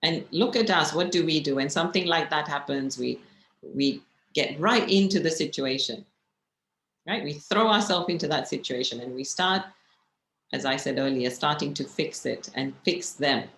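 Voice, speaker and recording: A woman's voice: low-pitched, normal speed, a bit bright, echoey room, slight background noise, rough recording. A woman meditation teacher giving a spiritual class, telling stories and asking her listeners rhetorical questions.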